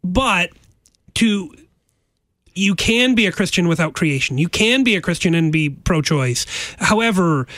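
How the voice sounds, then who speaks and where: Earnest higher-voiced man, dry sound. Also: lively intonation, a little slow, fairly bright tone, no room sound. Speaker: pastor. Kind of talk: theological discussion.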